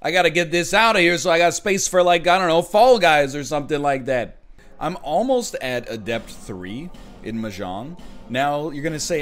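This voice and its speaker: Animated, sarcastic male streamer. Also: on the high side, normal speed, soft background music. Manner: sarcastic, animated, with sudden shouts. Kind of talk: casual live-stream commentary while gaming.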